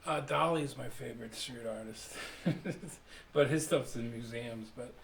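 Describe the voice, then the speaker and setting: Gravelly-voiced man rambling in a roomy studio. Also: mid-range voice, a little slow. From United States. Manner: rambling, lots of fillers, animated when telling stories. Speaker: street artist guest. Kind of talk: casual radio interview. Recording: roomy, distant mic, faint hum.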